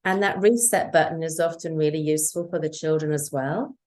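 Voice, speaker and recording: Woman being interviewed, deep-ish voice, earnest, acts out what people say. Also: fairly quick. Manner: earnest, animated, acts out quoted dialogue. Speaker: parenting guest. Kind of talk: conversational interview.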